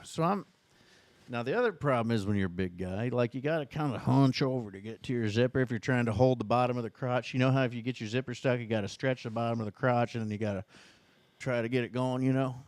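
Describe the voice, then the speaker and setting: A man's voice: mid-range voice, fast, darkish tone, no room sound. Man, Southern Indiana accent, profane rambling storyteller, dry close mic. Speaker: podcast co-host. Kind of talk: casual storytelling.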